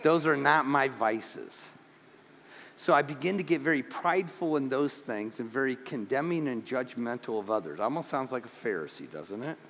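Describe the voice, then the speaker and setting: A man's voice: medium pitch, animated, normal speed, a bit bright, big-room sound, a little hiss or hum. A man preaching a sermon as pastor, stammering into restarts and building to fervent emphasis.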